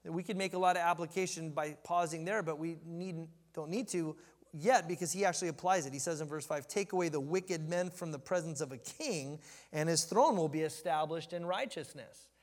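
Pastor, male, higher-pitched voice, chatty and joking, trips over his words, long hall echo. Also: a little fast. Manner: joking, folksy, frequent restarts and stammers. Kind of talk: casual conversational sermon. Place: church sanctuary.

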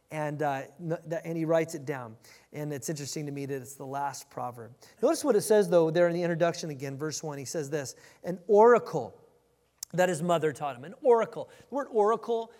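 High-voiced male preacher in a reverberant hall. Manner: animated, with emphatic scripture reading. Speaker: pastor. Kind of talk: conversational sermon. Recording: long reverb of a large hall.

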